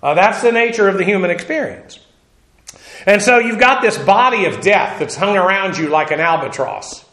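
A man's voice: high-pitched, animated, normal speed, a bit bright. Emphatic man teaching a sermon. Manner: emphatic, conversational, with dry humor and asides. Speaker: pastor. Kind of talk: expository Bible teaching sermon. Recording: echoey room.

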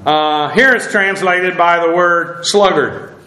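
A man's voice: high-pitched, slow pace, few pauses, pushed and bright, roomy sound, rough recording. A man preaching a sermon in a conversational way, often asking his listeners questions. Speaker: pastor.

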